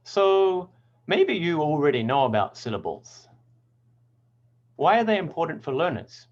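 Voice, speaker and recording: A man teaching English pronunciation in a scripted lesson, speaking clearly and deliberately and stressing example words. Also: fairly high pitch, big pitch swings, muffled recording.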